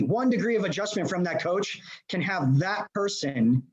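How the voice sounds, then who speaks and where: Male leadership coach, high voice, energetic, talks straight at the audience; dull video-call sound. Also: moderate pace. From Los Angeles. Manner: energetic, addresses audience directly. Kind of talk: motivational seminar talk. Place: remote presentation to a live room.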